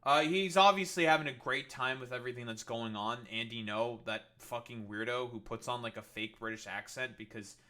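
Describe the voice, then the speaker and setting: A man's voice: medium pitch, fairly quick, few pauses, sharp tone. A man giving sarcastic, swearing commentary while reacting to a news video, full of fillers and restarts. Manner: heavy swearing, sarcastic and scornful; filler-heavy, restarts often. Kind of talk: ranting stream commentary.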